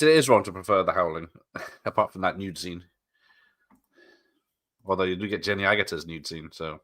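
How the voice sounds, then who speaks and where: A man's voice: fairly low pitch, bright, forceful tone. A man streaming a watch party, chatting casually, laughing often and replying to viewers. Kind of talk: casual live commentary.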